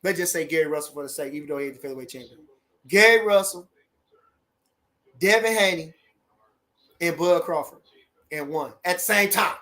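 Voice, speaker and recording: A middle-aged man hosting a casual livestream, animated and repeating catchphrases as he chats. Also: fairly high pitch, normal speed, long pauses. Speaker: livestream host.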